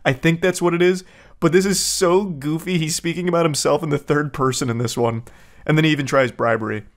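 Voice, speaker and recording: A man's voice: fairly high pitch, steady tone, fairly quick. A man hosting a commentary video who reacts in a sarcastic, incredulous way, reading out messages with blunt profanity. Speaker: commentary host.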